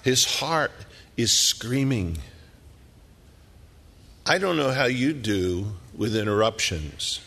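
A middle-aged man preaching a sermon, telling the story dramatically and dropping at times to hushed whispers. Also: medium pitch, lively intonation, takes it slowly, pauses often, long reverb tail.

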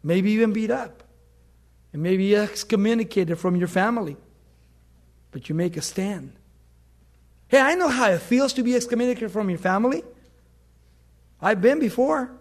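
A middle-aged man preaching with a notably high-pitched voice. He tells stories with fillers and restarts, shouting some lines with force and dropping others to a hushed, intimate tone. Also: lively intonation, normal speed, long pauses. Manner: swings from loud emphatic bursts to soft hushed tones; storytelling with anecdotes, fillers and restarts. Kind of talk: sermon.

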